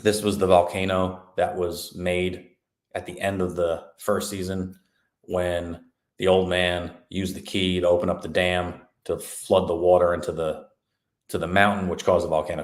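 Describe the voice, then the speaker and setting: Podcast co-host, male, low voice, sarcastic recap delivery, roomy echo. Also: little pitch movement. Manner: sarcastic, mocking retelling with quick mimicked lines. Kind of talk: casual review recap.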